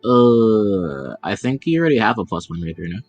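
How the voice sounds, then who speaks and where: Low-voiced man playing a tabletop game. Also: moderate pace, dull audio, faint music behind. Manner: relaxed, thinks aloud with fillers. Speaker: player. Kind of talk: casual game chat.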